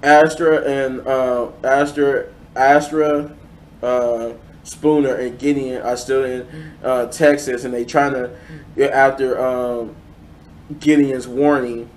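A man's voice: mid-range voice, flat delivery, takes it slowly. A man giving a casual, unscripted review, rambling with many restarts and fillers. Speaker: show reviewer.

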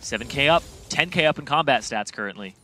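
A man's voice: medium pitch, animated, quick pace, sharp tone, a little hiss or hum. A man giving color commentary on an esports match, who breaks down replays step by step and voices what the players were thinking. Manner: walks through replays step by step, voicing players' thoughts.

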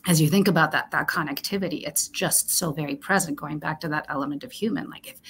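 Gravelly-voiced woman executive talking. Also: deep voice, fairly even intonation, fairly quick, few pauses, a bit bright, a little hiss or hum. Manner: reflective, thinks aloud with many fillers and restarts. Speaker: corporate talent executive, guest. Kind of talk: conversational interview.

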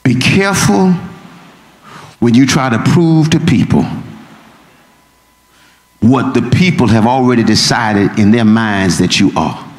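Man, pastor, sermon, rising to shouted emphasis, echoey church room. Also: medium pitch, measured pace, long pauses. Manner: preaching that builds from calm teaching to shouted emphasis. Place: church sanctuary. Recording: roomy church with long reverb.

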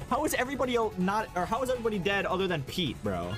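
A man's voice: high-pitched, wildly swooping pitch, very fast, a bit bright, soft background music. A man playing a game while chatting, swearing a lot and laughing through his frustration. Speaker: player. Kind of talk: comedic gameplay chat.

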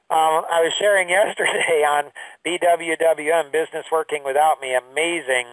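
A man teaching a business course through rambling stories, full of fillers, his voice jumping high when he quotes people. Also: steady tone, unhurried, pauses often, fairly bright tone, no echo, far from the mic, low-quality recording. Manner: rambling storyteller with many fillers. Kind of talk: anecdotal online lesson.

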